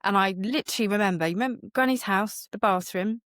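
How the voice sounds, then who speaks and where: A woman's voice: medium pitch, fast talker, no room sound, studio quality. A woman co-hosting a podcast, telling stories in casual chat, laughing often and acting out quotes. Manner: lively storyteller, laughs often, acts out quotes. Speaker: podcast co-host.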